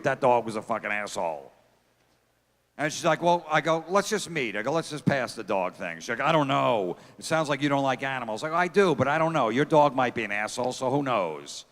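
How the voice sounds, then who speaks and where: A man doing a crude, deadpan stand-up comedy set, riffing with the crowd from a theater stage. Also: medium pitch, brisk. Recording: long theater reverb.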